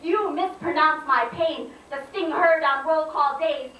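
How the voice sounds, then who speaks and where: A woman's voice: high-pitched, measured pace, bright, forceful tone, far from the mic, slight background noise. A woman performing spoken word poetry live, in a rhythmic, insistent, declamatory way. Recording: echoey room, voice from afar.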